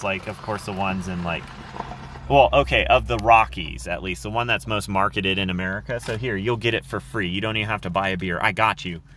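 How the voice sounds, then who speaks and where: A man's voice: mid-range voice, bright, forceful tone. A man live streaming from his phone, reading aloud and then chatting casually, rambling and swearing freely. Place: outdoors.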